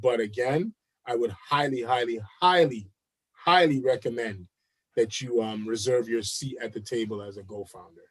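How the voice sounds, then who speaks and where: Brief: man, enthusiastic guest pitching hard, repeats himself for emphasis. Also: normal speed. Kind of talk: live chat interview.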